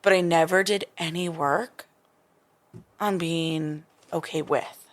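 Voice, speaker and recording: A woman's voice: lowish voice, fairly even intonation, takes it slowly. A woman in her thirties talking casually as a podcast guest, hesitant and searching for words with many restarts. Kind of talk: casual recovery-group conversation.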